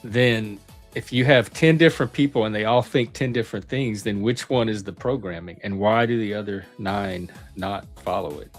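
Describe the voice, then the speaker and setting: A man's voice: fairly low pitch, normal speed, faint music behind. A middle-aged man hosting his channel, reminiscing in a chatty, rambling way that often breaks off mid-sentence. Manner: rambling, self-interrupting, chatty. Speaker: channel host. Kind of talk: casual reminiscing monologue.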